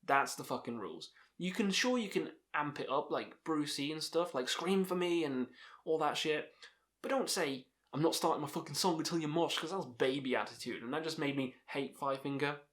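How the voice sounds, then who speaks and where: A man's voice: fairly high pitch, lively intonation, normal speed, fairly bright tone. A young man telling rambling, sweary stories about festivals and laughing at himself. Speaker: channel host telling stories. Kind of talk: casual storytelling monologue.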